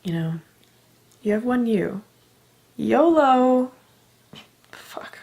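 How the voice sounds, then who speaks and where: A woman's voice: medium pitch, steady tone, measured pace, creaky. A young woman from Canada talking candidly in a personal vlog, emotional and heartfelt, swearing casually as she speaks. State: emotional, close to tears. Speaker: vlogger.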